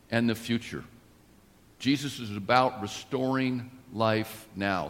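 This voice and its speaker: A man preaching a sermon in a measured, deliberate way, with emphatic rises. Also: mid-range voice. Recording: long reverb of a church.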